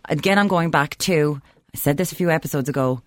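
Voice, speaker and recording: A woman's voice: low-pitched, fairly quick, no room sound, studio quality. A woman with an Irish accent, chatting bluntly and jokingly as a podcast co-host, quoting characters. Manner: blunt, joking, quotes characters in put-on voices. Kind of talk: casual chat about a TV episode.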